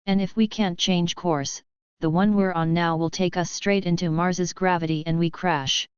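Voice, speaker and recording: A lazy, cynical young space cadet, played by a woman narrator in an audiobook. He talks in a slow, sardonic drawl. The voice is crisp and clear on a dry, slightly dull recording. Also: lowish voice, steady tone, no echo, natural voice.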